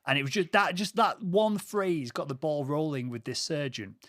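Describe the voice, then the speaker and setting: A man hosting a podcast, telling anecdotes in a relaxed conversational way. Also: a little high, moderate pace, dry recording, clean studio sound. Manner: tells anecdotes from his sales past. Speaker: podcast host. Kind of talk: conversational interview. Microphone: studio mic.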